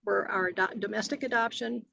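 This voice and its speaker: A woman's voice: mid-range voice, fairly even intonation, fairly quick, creaky, sharp tone, dry recording, highs cut off. An older woman, a retired agency director answering interview questions earnestly, with many fillers and restarts.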